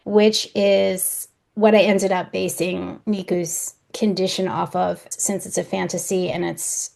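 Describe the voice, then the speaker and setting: A woman's voice: fairly low pitch, little pitch movement, measured pace, vocal fry, darkish tone. A woman being interviewed as a guest author, explaining her choices in a thoughtful, careful way. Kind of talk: podcast interview.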